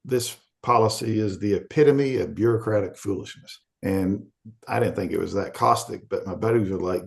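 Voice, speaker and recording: A man's voice: lowish voice, moderate pace, creaky. A middle-aged man from Arkansas, a podcast guest telling a candid story and acting out the quoted voices in it. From Arkansas, USA.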